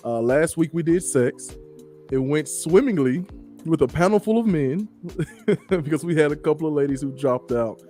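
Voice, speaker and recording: Male podcast host, Southern-raised, relaxed and talkative, dark mellow timbre. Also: on the high side, normal speed, soft background music. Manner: laid-back, chatty, laughs easily. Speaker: show host. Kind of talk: casual podcast chat.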